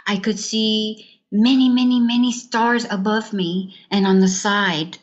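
A woman's voice: medium pitch, slow, muffled recording. A woman giving an earnest personal testimony in an interview, acting out the words of others as she tells it. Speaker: interview guest.

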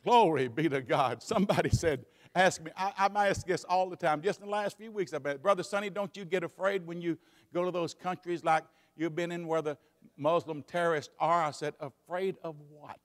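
A man preaching a sermon in a church, swinging between fervent shouts and hushed asides. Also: on the high side, moderate pace. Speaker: pastor. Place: church sanctuary. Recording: long hall reverb.

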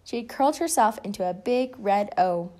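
A woman reading a children's picture book aloud in a lively, expressive way. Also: medium pitch, normal speed. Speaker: storybook reader.

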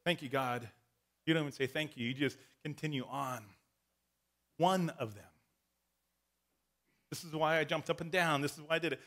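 Male pastor, sermon delivery, bright forceful tone, slightly high voice, animated storytelling. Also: normal speed, pauses often. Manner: animated, acts out the story with shouts.

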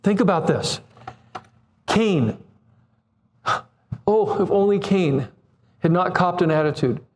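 High-voiced preacher in his seventies. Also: slow pace. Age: 70s. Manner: animated, acts out quoted voices, asks the congregation questions. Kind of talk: sermon.

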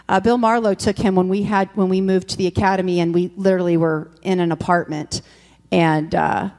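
A woman pastor telling homely stories in a sermon, chatty with many fillers and restarts. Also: on the high side. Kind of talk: sermon storytelling. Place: church sanctuary. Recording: long hall reverb.

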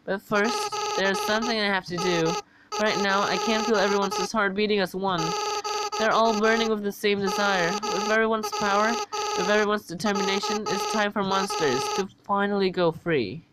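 A woman's voice: medium pitch, animated, moderate pace, heavy background noise, natural voice. Asriel, a woman reading a tearful goat-monster boy. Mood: remorseful. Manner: pleading, tearful. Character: young goat-monster boy, remorseful, crying crybaby. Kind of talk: reading game dialogue aloud. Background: loud game music.

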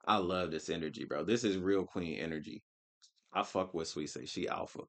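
A man's voice: deep voice, normal speed, a bit bright. A man giving casual, slangy reaction commentary with lots of swearing. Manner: slangy, emphatic, swears a lot. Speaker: reaction streamer.

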